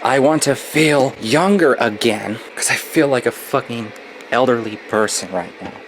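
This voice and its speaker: A man's voice: mid-range voice, normal speed. Gloomy, complaining young man. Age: 20s. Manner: swears often. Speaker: vlogger. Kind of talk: casual vlog. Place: home closet. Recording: noisy home recording.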